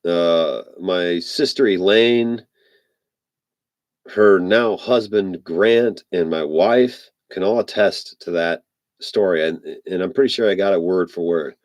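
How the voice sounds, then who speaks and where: A man's voice: low-pitched, slow, no room sound. A man telling a personal story in a casual, rambling way, full of fillers and repeated "I was like". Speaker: vlogger.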